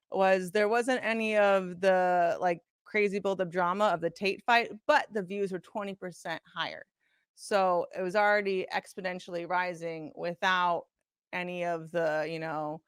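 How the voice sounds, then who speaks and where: A woman guest on a podcast, telling stories in a casual, animated, profane way, full of "like" fillers. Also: on the low side, normal speed, clean tone, no room sound, clean studio sound. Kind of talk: casual storytelling chat. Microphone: podcast studio mic.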